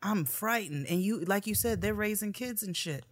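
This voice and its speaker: A woman's voice: medium pitch, animated, normal speed, faint music behind. A woman co-hosting a podcast, chatting casually with a laugh, swearing freely and reading a listener's letter aloud. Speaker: podcast co-host.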